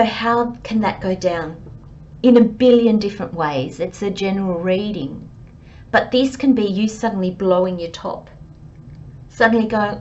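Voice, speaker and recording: A woman's voice: medium pitch, lo-fi sound. A woman giving a channelled tarot reading, talking earnestly and emphatically straight to the listener. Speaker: tarot reader.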